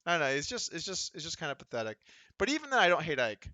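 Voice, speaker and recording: A man in his thirties rambles through a casual poker livestream, dry humor running through his chatter. His voice is bright and a little tense. It sits close to the microphone in a dry room with no echo. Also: a little high, big pitch swings, fast talker. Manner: rambling, sardonic, mocking impressions of others. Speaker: poker streamer. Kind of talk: casual livestream chat while playing online poker.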